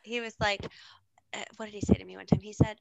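A woman's voice: mid-range voice, level tone, quick pace, vocal fry, a little mellow, dry recording, muffled recording. A woman in her thirties chatting casually, telling a funny story about her toddler and quoting family members along the way. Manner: storytelling, self-mocking, quotes her son. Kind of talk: casual chat.

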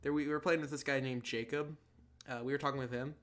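A man's voice: medium pitch, fairly even intonation, fast. Rambling teenage guy telling crude stories. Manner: rambling, profane storytelling with loud bursts of laughter. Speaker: podcast co-host. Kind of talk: casual chat.

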